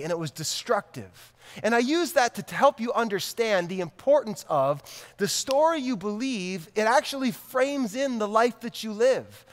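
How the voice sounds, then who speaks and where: High-voiced male pastor in a reverberant hall. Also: fairly bright tone. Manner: conversational, repeats key lines for emphasis. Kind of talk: sermon.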